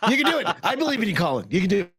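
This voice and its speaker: A man's voice: high voice, sing-song, rapid-fire, a crowd in the background. A man co-hosting a podcast in casual, encouraging banter. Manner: encouraging, joking. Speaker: podcast co-host.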